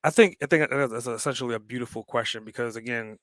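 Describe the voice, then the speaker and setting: A man's voice: medium pitch, quick pace, no room sound. A man talking as a guest on a podcast, emphatic and fired up, swearing freely to drive his points home. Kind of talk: casual podcast conversation.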